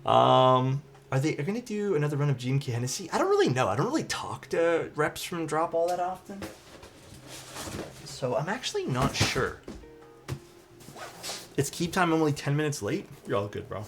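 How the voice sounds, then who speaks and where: A man's voice: on the high side, very animated, moderate pace, a little hiss or hum. A man casually chatting with his stream chat while building a keyboard. He answers questions as they come, often trails off and restarts, and sometimes drifts away from the desk mic.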